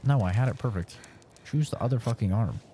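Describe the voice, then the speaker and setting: A man's voice: medium pitch, fairly quick, background noise. A tired young man streaming a game, talking to himself, swearing and bursting out as he plays. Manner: swearing, self-talking, excitable outbursts. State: tired from a long session. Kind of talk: live gaming commentary.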